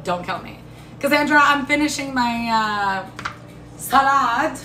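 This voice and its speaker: A woman's voice: high voice, measured pace, pushed and bright, a little hiss or hum. Blunt, laughing woman streaming from a kitchen. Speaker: livestream host. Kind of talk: casual chat while eating. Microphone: phone. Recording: echoey room with faint music.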